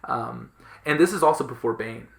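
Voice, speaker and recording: A man's voice: mid-range voice, moderate pace, gravelly. Rambling enthusiastic podcast host, a man. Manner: enthusiastic, rambling, many fillers. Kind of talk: casual chat about comics.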